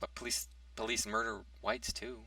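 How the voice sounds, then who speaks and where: Male commentator, low gravelly voice, hesitant restarts, dry recording from a distance. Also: level tone, moderate pace, bright, forceful tone, dry recording. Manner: argumentative, reads out a topic then rebuts it. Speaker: commentary vlogger. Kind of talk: casual opinion monologue.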